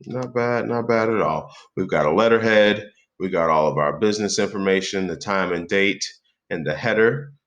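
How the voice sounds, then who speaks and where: A man narrates a software tutorial in a deep, low voice, walking through each step as he types. His pace is slow and easy, with plenty of pauses between phrases. The delivery stays relaxed and conversational, like someone showing a friend on screen. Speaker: tutorial host.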